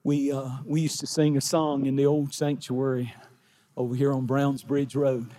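A middle-aged man, preaching a sermon in a church sanctuary and often building to shouts. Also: mid-range voice, flat delivery, normal speed. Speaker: pastor.

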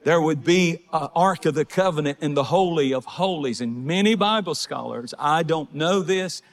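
A man's voice: fairly high pitch, normal speed. Fervent preacher man in a reverberant hall. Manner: fervent, swings from shouting to hushed storytelling. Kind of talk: sermon.

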